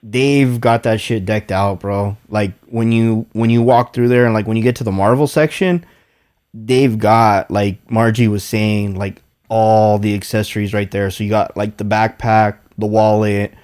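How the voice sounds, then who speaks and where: A man's voice: on the low side, level tone, a little slow, darkish tone. A young adult man hosting a podcast, chatting casually, swearing and laughing often. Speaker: podcast host. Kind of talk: casual chat.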